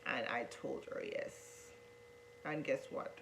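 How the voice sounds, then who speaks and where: A woman with a bass voice and fairly even intonation slowly shares her coming-out story with viewers, with background noise audible. Emotional and earnest, she repeats herself and keeps addressing her audience as "guys."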